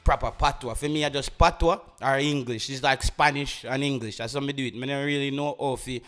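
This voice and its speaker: This young rural Jamaican podcaster talks briskly in a medium-pitched, slightly bright voice with fairly even intonation, faint music in the background. His casual conversation wanders, restarts repeatedly, and blends patois and English.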